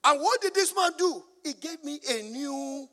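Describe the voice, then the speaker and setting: A man's voice: extremely high pitch, expressive, measured pace, a bit bright, long reverb tail. A man with a Nigerian accent preaching a sermon, drawing answers from the congregation and telling humorous stories. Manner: call-and-response preaching, asking the congregation to finish his lines; storytelling with humor. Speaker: pastor.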